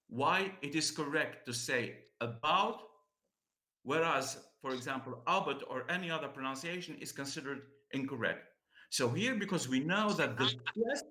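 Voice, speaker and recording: A man teaching a class about pronunciation, speaking slowly. He repeats himself and checks with his students as he goes. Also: fairly high pitch, pushed and bright, echoey room.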